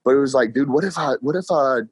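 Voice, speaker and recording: A young man chats about his work, acting out his own dialogue and laughing often. His voice is mid-pitched and lively. It sounds close and dry. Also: fast talker, breathy edge, dry recording. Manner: animated storyteller, acts out dialogue, laughs often. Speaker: podcast guest, car salesman. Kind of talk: casual interview chat.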